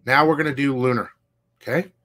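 A man hosting a casual comic book livestream, talking fast and loose, swearing freely and reading viewer comments aloud. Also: medium pitch. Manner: profane, excitable, reads chat aloud. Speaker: comic shop livestream host. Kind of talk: casual live-stream chat.

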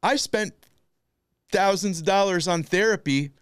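Comedian guy on his podcast, animated and self-mocking, smooth voice, dry close sound. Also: high voice, unhurried, dry recording. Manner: animated, self-deprecating storyteller, acts out his own shouts. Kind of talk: casual chat.

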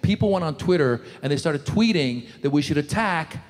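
A man doing a stand-up comedy set, animated, breaking into loud shouted character voices. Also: a little high, moderate pace. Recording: reverberant hall, faint room noise.

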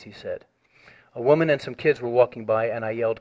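A man reads his complaint aloud in a formal, measured way and grows insistent when challenged. The audio is dull and lo-fi. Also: medium pitch, steady tone. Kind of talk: reading a complaint over the phone.

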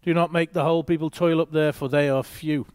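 A man's voice: fairly high pitch, fairly even intonation, a little fast, a little mellow, smooth, no echo, clean studio sound. A man reading a Bible passage aloud and teaching, with short asides to his listeners.

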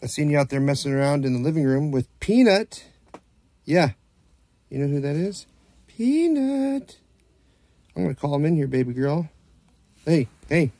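A man's voice: medium pitch, creaky, warm tone, dry recording. A man teasing and playfully scolding his dog in casual chat at home. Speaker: dog owner filming his pets.

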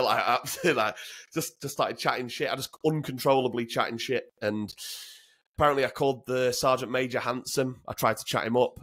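A guest from Britain, a former soldier in his 30s, has a plain mid-range voice with a fairly bright tone. He spins casual stories bluntly, full of swearing and laughter.

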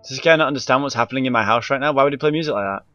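A man's voice: mid-range voice, rapid-fire, pushed and bright, highs cut off, faint music behind. A man commentating a horror game he is playing, easily scared, swearing and yelping often, recorded on a handheld camera mic. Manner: jumpy, scared, swearing, frequent sudden yelps. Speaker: gaming YouTuber.

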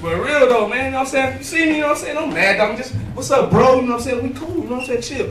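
High-voiced man doing crude stand-up. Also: racing, a bit bright, echoey room, recorded from a distance, soft background music. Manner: crude, rambling, laughs at own jokes. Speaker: stand-up comedian. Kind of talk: stand-up comedy set. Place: small comedy club with almost no crowd.

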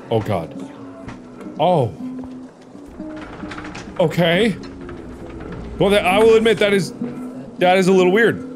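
Casting: excitable male gaming host, high and lively delivery, game music underneath. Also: slow pace, long pauses. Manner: excitable, loud reactions and swearing. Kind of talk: horror game commentary.

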